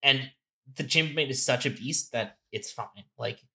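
A man co-hosting a casual podcast about a social deduction game, with a bright, ringing voice at an ordinary pitch. He thinks out loud, with fillers and false starts as he works through a rules problem. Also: moderate pace, creaky. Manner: explanatory, thinks aloud with fillers and restarts. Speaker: podcast co-host. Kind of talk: casual game strategy chat.

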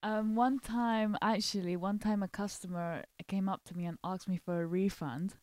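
A young woman hosts a casual podcast chat and tells her stories with animated retellings. Her voice sits at a middle pitch. It sounds close and dry, with no room echo. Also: normal speed. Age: young adult. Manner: animated, acts out quotes, laughs often. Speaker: podcast host.

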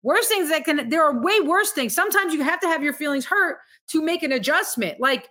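A woman from Montenegro talks in a casual podcast chat, emphatic and earnest as she tells stories. Her voice sits high and sounds bright and clear. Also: animated, brisk, hardly any pauses. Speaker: guest comedian.

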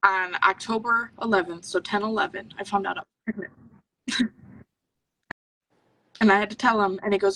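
A medical intuitive appearing as a podcast guest tells her personal story earnestly and intensely, often voicing her own thoughts aloud. Her medium-pitched voice is bright and forceful, with fairly even intonation, normal speed and long pauses, and she sounds distant from the mic.

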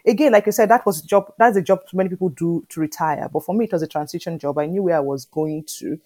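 A woman in her thirties speaks as an interview guest with a fairly low voice. She tells her story with lively energy and keeps checking in with "do you understand?". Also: quick pace. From Nigeria. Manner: animated storyteller, often asking "do you understand?". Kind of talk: conversational interview.

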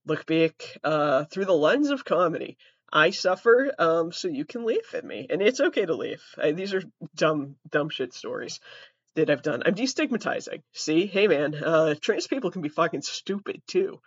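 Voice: mid-range voice, sing-song, normal speed, slightly rough, no room sound. A young adult trans comedy podcaster telling stories in a profane, rambling, self-mocking way. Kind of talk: comedic storytelling. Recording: dull, dry lo-fi audio.

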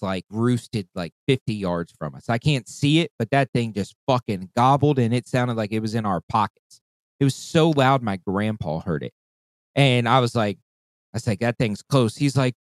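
A mid-range male voice with no room sound carries a long, easygoing hunting story. The storyteller swears a lot and animatedly mimics both voices and calls.

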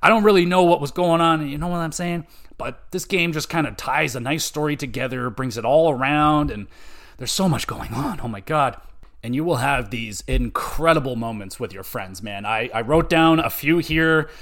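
A young man hosting a podcast, rambling excitedly and cursing freely as he reviews a game. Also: mid-range voice, normal speed. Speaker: podcast host. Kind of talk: casual game review chat.

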